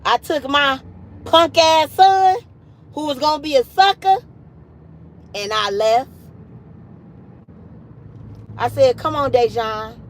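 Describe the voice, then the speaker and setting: A woman in her late thirties telling a story on a livestream in an animated, emphatic, foul-mouthed way. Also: sits high, slow, long pauses, low-quality recording. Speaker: livestream host.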